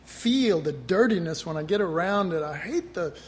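Middle-aged male preacher, slightly high voice, chatty sermon delivery, faint room hum. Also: expressive, normal speed. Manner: conversational preaching, acting out quoted voices.

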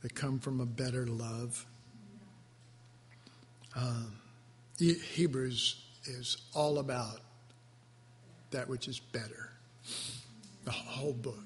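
Slow, deeply moved male preacher. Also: slight background noise. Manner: slow, emotional, moved, drawn-out emphasis. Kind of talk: sermon. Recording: reverberant hall, faint ambience.

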